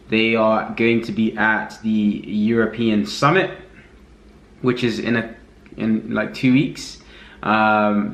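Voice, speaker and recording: A man giving a casual screen-recorded walkthrough as a reviewer, relaxed and thinking aloud with many fillers. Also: on the low side. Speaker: affiliate marketing reviewer. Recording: roomy echo.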